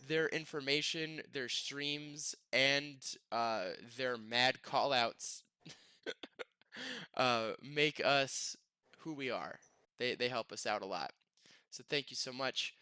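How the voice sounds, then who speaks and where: Bright, crisp-voiced podcast host. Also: male voice, medium pitch, slow, dry recording. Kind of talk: casual podcast chat.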